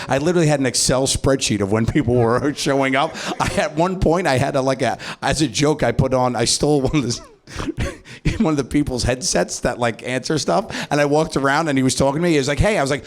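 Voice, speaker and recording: A man doing improvised stand-up, animated and swearing, often laughing and acting out voices. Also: medium pitch, fast. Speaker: stand-up comedian. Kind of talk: improvised stand-up crowd work. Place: comedy club stage.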